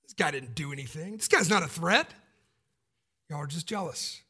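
A man's voice: on the high side, expressive, normal speed, bright, forceful tone, slightly rough, exaggerated voice. A man putting on a grumpy Roman governor. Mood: dismissive. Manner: exasperated, dismissive, casual modern slang.

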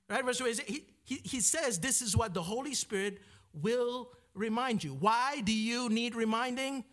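A man's voice: high voice, fairly bright tone. A man preaching a sermon, often asking his listeners "right?" and repeating words as he searches for the next phrase.

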